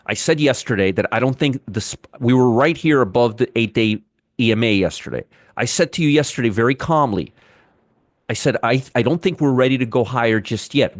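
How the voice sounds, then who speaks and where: A man hosts a daily trading show, talking viewers through chart levels in an emphatic, repetitive way. His voice sits at an ordinary pitch and sounds close and dry, with no room around it. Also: no room sound. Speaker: market commentary host. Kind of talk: casual trading analysis monologue.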